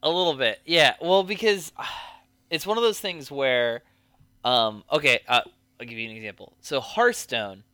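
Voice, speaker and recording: A man co-hosting a casual podcast, his voice bright and smooth. He jokes around and restarts his sentences as he thinks aloud. The sound is dry and close. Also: mid-range voice, a little slow, dry recording. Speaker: podcast co-host. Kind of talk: casual chat.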